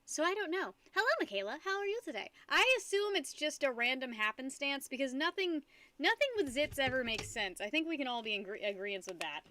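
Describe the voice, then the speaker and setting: A woman's voice: sits high, expressive, a little fast, pushed and bright. A young woman streaming from home, chatting casually with viewers in a rambling, giggly way and greeting chat often. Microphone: desk microphone.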